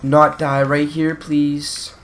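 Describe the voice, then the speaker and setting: A man's voice: fairly high pitch, completely flat delivery, slow, fairly bright tone, a little hiss or hum. A man giving casual gameplay commentary who rambles between topics and grows frustrated, swearing at the game. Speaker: gaming channel host.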